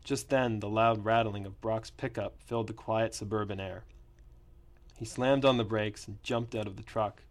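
A man narrating a first-person story in a plain, steady reading voice. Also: fairly low pitch, normal speed.

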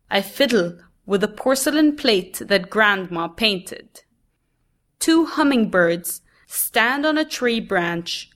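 A woman reading a first-person story aloud in a measured, deliberate way. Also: medium pitch, fairly bright tone.

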